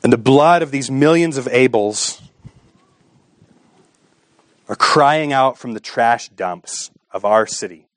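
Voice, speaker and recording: A man preaching a sermon with impassioned delivery, asking rhetorical questions and swinging between hushed and raised passages. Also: medium pitch, takes it slowly, long pauses, no room sound. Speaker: pastor.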